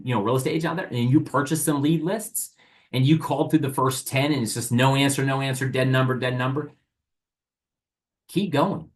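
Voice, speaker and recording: An upbeat man leads a live online sales workshop and speaks straight to his trainees. He is animated, argues back against imagined objections and keeps pushing the audience forward. His voice sits in a middle pitch. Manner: asks rhetorical questions and plays both sides.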